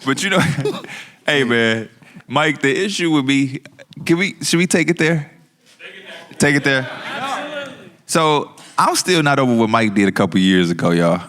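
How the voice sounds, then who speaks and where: A man's voice: mid-range voice, expressive, normal speed, a bit bright. A man co-hosting a live podcast, telling a story in a slangy, laughing way. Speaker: podcast co-host.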